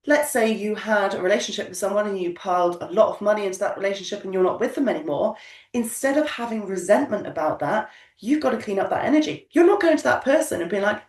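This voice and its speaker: A woman coaching business owners, talking in an emphatic, motivational way and repeating her key lines. Her voice sits at a middle pitch. The room is echoey, and she sounds a little away from the mic. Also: fairly quick, a little mellow, distant mic. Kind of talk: coaching session talk.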